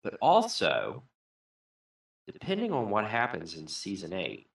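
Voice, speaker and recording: Low-voiced man reflecting on a podcast. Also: wildly swooping pitch, measured pace, vocal fry, husky, dry recording. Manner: reflective, builds long comparisons. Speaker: podcast co-host. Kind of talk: casual discussion.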